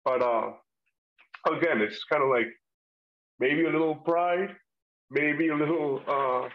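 A man's voice: on the high side, slow pace. Laid-back man leading Bible chat. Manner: relaxed, rambling, with frequent fillers and laughs. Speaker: podcast co-host leading a Bible discussion. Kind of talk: casual Bible study chat. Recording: slightly muffled lo-fi audio.

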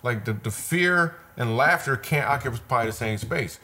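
A man's voice: medium pitch, animated, unhurried, bright, forceful tone. A man, a comedian guest, telling a personal story in an earnest, repetitive, vivid way. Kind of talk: conversational storytelling.

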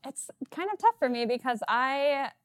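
A woman from Minnesota speaks as a runner guest on a panel. Her talk is quick and casual, full of laughs and self-deprecating asides. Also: high-pitched, expressive, a bit bright, clean tone.

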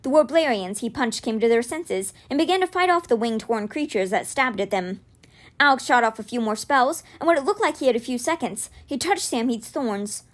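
A woman reading a children's fantasy novel aloud, narrating expressively. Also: normal speed. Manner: expressive, voices dialogue with raised pitch. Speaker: reader.

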